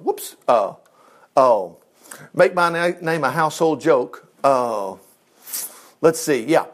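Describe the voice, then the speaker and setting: A man preaching a casual sermon, reading scripture aloud and commenting on it in a folksy, animated way. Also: medium pitch, unhurried, pauses often.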